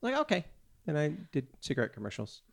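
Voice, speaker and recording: A man's voice: fairly high pitch, huge pitch swings, fast, gravelly. A man in casual chat, telling a rambling story full of restarts and self-interruptions. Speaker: actor and podcast co-host.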